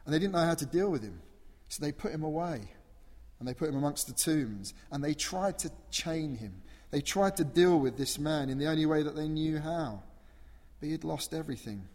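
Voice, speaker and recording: Preacher guy, kinda high voice, earnest and punchy, lots of reverb from a big hall. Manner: earnest, emphatic, uses rhetorical questions. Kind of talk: sermon. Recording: long echo of a large hall.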